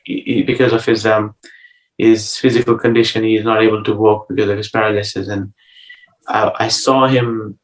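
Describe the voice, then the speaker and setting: A man telling a personal spiritual story as an interview guest, earnest and hesitant, with many pauses and restarts. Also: fairly low pitch. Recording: roomy sound from a distant mic.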